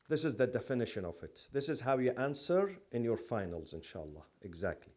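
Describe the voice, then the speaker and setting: A man's voice: mid-range voice, lively intonation, fairly quick, hardly any pauses, darkish tone. A man teaching a classroom lecture, asking the class questions and repeating key terms.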